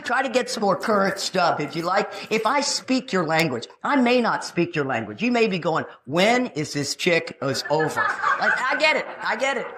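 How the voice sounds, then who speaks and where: A woman's voice: medium pitch, big pitch swings, moderate pace, a bit bright, slight background noise. A middle-aged woman giving a recovery talk, brash and joking, acting out the people she quotes. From Texas. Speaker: recovery meeting speaker. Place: meeting room.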